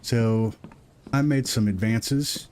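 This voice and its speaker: A man's voice: fairly low pitch, takes it slowly, a little mellow, a little hiss or hum. A middle-aged man hosting a live gaming stream, rambling and self-deprecating as he talks through his progress into a desk microphone at home. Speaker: gaming livestream host. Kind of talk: live gameplay commentary.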